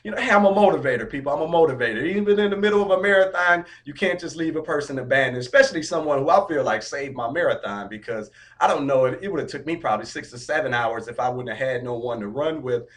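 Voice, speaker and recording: A man's voice: medium pitch, lively intonation, quick pace, hardly any pauses, a bit bright. Upbeat motivational man telling a story. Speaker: vlogger. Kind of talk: casual vlog update.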